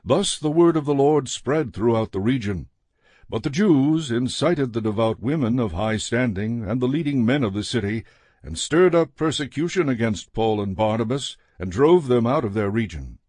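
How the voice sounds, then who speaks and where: A man's voice: mid-range voice, husky, dry recording. Man reading scripture, dry close sound. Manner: measured, steady reading. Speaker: scripture reader.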